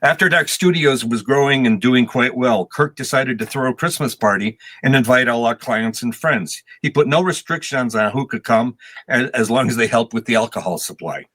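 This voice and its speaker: A man's voice: medium pitch, moderate pace, fairly bright tone. A man in his sixties, a guest musician, telling stories in a casual interview with a rambling, self-deprecating manner.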